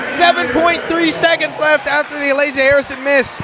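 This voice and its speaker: A man calling play-by-play for a local basketball game, excitable and shouting big plays, his voice worn hoarse. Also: very high-pitched, brisk, crowd noise. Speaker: play-by-play announcer.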